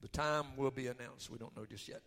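A man pastor giving announcements and a sermon to his congregation, chatty at times and shouting for emphasis at others. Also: medium pitch, brisk. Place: church sanctuary. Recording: long reverb of a church hall.

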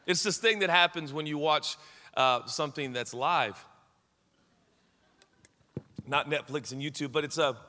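Excited man preaching in a reverberant hall. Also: medium pitch. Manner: animated storytelling, rising to excited shouts and laughter. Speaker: pastor. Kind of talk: sermon.

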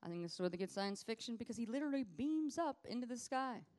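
Animated woman preaching casually. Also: a little high, quick pace. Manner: animated, conversational, acts out scenes. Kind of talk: casual sermon.

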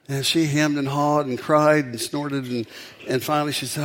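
A man's voice: on the high side, fairly even intonation, normal speed, fairly bright tone, a little hiss or hum. A man, a pastor, preaching a sermon and telling a story, building up to emphatic peaks.

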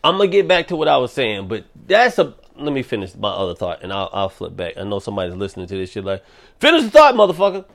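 A young man hosting a solo podcast, ranting in a profane, animated way. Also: on the low side, quick pace, gravelly, few pauses. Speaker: podcast host.

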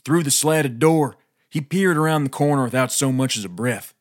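Male narrator, folksy, wry, scripted story reading, mid pitch. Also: normal speed.

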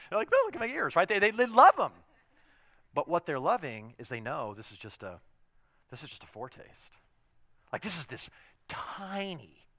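Male pastor, high bright voice, dry close sound, emphatic sermon delivery that swings loud and soft. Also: no echo. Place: church in Southern California.

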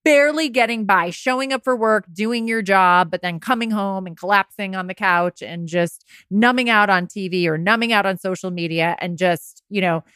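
A woman's voice: medium pitch, normal speed, hardly any pauses, a bit bright, clear, resonant tone, dry recording, clean studio sound. A woman podcast host coaching listeners through heartbreak in a casual, candid monologue, swearing now and then and laughing at herself.

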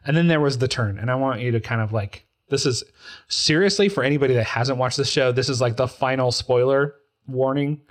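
A man's voice: medium pitch, brisk. Emotional, talkative man in his forties. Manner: emotional, animated storytelling with quoted voices. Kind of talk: casual chat about a TV show.

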